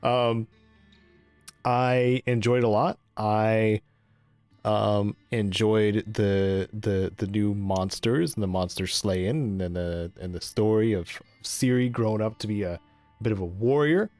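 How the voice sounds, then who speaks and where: A man's voice: on the low side, takes it slowly, a little mellow, dry recording, soft background music. A man co-hosting a gaming podcast in casual chat, rambling with many ums and restarts. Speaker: podcast co-host.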